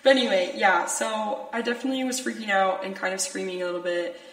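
A woman's voice: mid-range voice, fairly even intonation, quick pace, a bit bright. A young woman hosting a podcast, chatting casually and laughing often, with lots of filler words. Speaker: podcast host. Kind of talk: casual chat. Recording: echoey room, distant from mic.

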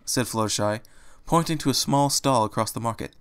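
A man's voice: fairly low pitch, fairly quick, smooth. Man narrating a fan audiobook. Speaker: reader.

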